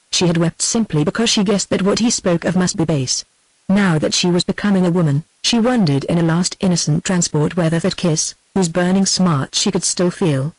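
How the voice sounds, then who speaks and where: A synthetic woman's voice with a British accent reading a novel aloud at a steady, even pace. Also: lowish voice, no echo, low-quality recording. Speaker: audiobook narrator. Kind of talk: text-to-speech novel reading.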